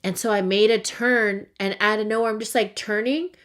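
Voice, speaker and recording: A woman's voice: medium pitch, steady tone, moderate pace, fairly bright tone. A young woman chatting casually while doing her makeup, talking in a loose storytelling way with lots of "like". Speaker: beauty vlogger. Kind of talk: casual get-ready-with-me chat.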